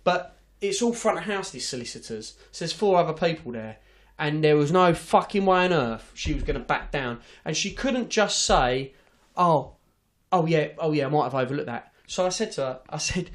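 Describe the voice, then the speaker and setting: A man's voice: on the high side, expressive, moderate pace, few pauses. A man hosting a podcast, telling an office story in a sweary, ranting, casual way. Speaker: podcast host.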